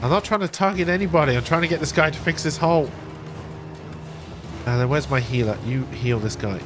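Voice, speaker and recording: A man streaming a game live, quickly ordering his crew around and reading the game's text aloud. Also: on the high side, over music. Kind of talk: live gameplay commentary.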